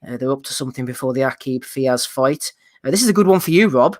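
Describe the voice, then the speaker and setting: A man's voice: mid-range voice, expressive, fast talker, no echo, studio quality. A British man hosting a casual boxing podcast, laughing often and reading out listener nominations. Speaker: podcast host.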